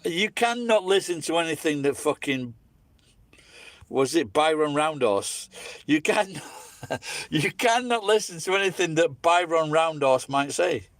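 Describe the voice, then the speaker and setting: A man's voice: on the high side, animated, measured pace, a bit bright, no echo. A Scottish man delivering a blunt, heavily profane, opinionated rant in a casual monologue. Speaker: vlogger.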